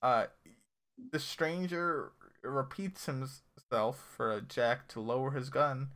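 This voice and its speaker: He's a podcast co-host running through a TV episode casually, laughing a lot and rambling as he corrects himself. The man speaks slowly in a mid-range, slightly bright voice.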